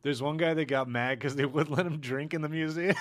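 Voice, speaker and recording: A man's voice: a little high, steady tone, brisk, fairly bright tone, slight background noise. A man co-hosting a podcast in casual chat, joking and laughing often while he riffs on bits. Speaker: podcast co-host.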